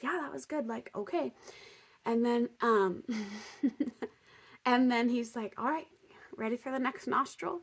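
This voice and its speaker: A young woman vlogger telling a personal story, animated and chatty, acting out both sides of a conversation with lots of "like". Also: on the high side. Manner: animated, lots of "like", acts out dialogue.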